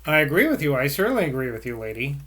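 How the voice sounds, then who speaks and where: Man playing an eager young gent, emphatic, lifted pitch, storybook reading. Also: animated, normal speed, a bit bright.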